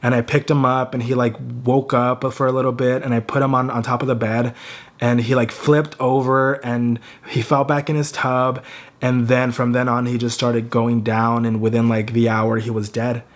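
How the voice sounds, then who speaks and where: A young man talking straight to camera for his personal vlog, grieving and close to tears, speaking haltingly with a stutter and repeated words. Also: mid-range voice, flat delivery. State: fighting back tears. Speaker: vlogger.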